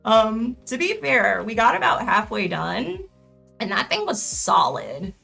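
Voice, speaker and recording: A young woman chatting casually while she crafts on a live stream, her voice full of gravelly vocal fry. She rambles, loses her words and corrects herself, often breaking into laughs. Faint music plays behind her. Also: fairly high pitch, big pitch swings, unhurried, sharp tone.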